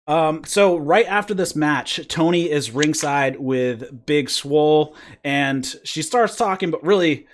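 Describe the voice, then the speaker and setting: A man's voice: fairly high pitch, takes it slowly, few pauses, slight background noise. Man casually recapping a wrestling show. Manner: rambling play-by-play retelling with fillers. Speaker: podcast host.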